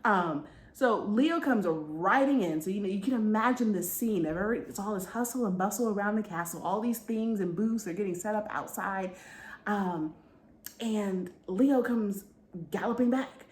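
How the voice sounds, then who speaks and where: Her voice sits in the mid range and moves at a moderate pace while she talks casually to viewers about a book, sprinkling in asides. The book vlogger is recorded in a roomy setting with slight background noise.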